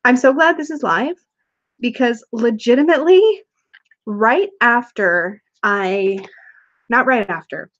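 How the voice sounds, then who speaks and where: A woman hosting a casual live stream from a small room at home, bubbly and excitable, laughing often. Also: on the high side, slow, no room sound, lo-fi sound. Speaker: tarot reader and channel host.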